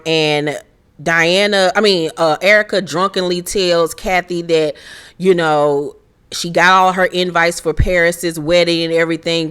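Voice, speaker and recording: A woman giving a sassy, profane reality show recap, telling the story with animated asides. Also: on the low side, clear, resonant tone. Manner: acts out quotes in put-on voices.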